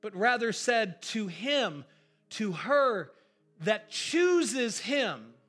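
A male pastor preaching a sermon in an animated, emphatic, conversational way. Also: high voice, drawn-out words, soft background music.

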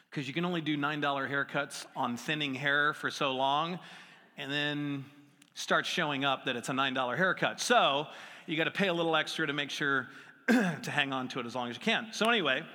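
A man's voice: fairly high pitch, moderate pace, sharp tone. A middle-aged man preaching a sermon in a conversational, self-deprecating way with playful asides. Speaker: pastor. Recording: long hall reverb with faint music.

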